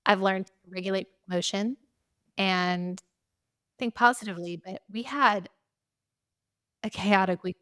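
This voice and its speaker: A middle-aged woman telling a chaotic travel story in a casual chat, animated and laughing often, acting out quotes in a higher voice. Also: unhurried, pauses often, smooth. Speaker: podcast host.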